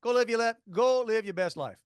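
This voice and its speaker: Man, podcast co-host, high voice, dry close sound, rambling jokey chat. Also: fairly quick, smooth, no room sound. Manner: rambling, self-interrupting, jokey. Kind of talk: casual chat.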